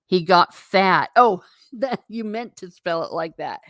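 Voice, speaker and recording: A woman's voice: fairly low pitch, animated, measured pace, fairly bright tone, no echo, studio quality. A woman hosting a live stream, chatting casually and reading viewer comments aloud with frequent laughs. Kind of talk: casual chat. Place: home.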